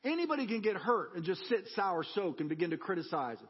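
A man's voice: high voice, fast talker, breathy edge, big-room sound, highs cut off. A man preaching a sermon in a church, telling personal stories with humor and energy. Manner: animated personal storytelling with humor.

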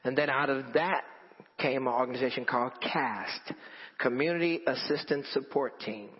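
A man preaching a storytelling sermon to a congregation, animated and repeating phrases for emphasis. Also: medium pitch, husky. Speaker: pastor. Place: church in front of a congregation. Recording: dull lo-fi audio with long hall reverb.

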